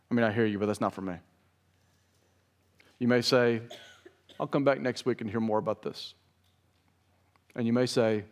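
A man's voice: fairly low pitch, a little mellow. A man preaching a sermon to his church, emphatic and pleading, stressing key phrases. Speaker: pastor. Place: church sanctuary.

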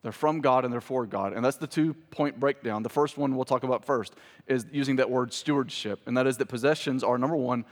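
A man's voice: medium pitch, big-room sound. A man in his thirties, a pastor and father, preaching a sermon in a conversational way that rises for emphasis.

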